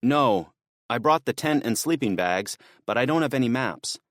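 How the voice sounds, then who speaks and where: A man's voice: medium pitch, wildly swooping pitch, moderate pace, gravelly, a bit bright, no room sound, studio quality, voice pushed up, exaggerated voice. A man reading an audiobook, voicing an anxious, eager young man who talks to his father on the phone while driving. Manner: eager, pleading, voice tight with worry.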